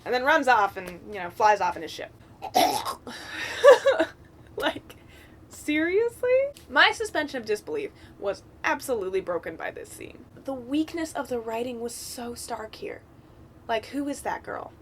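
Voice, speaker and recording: A woman's voice: fairly high pitch, big pitch swings, normal speed, fairly bright tone, a little hiss or hum. A young woman vlogger giving blunt, sarcastic film commentary, swearing freely and filling her speech with "like.".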